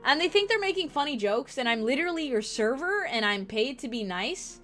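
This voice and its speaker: A young woman streamer telling stories in casual chat, animated and profane, acting out the people she quotes. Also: sits high, fairly quick, faint music behind.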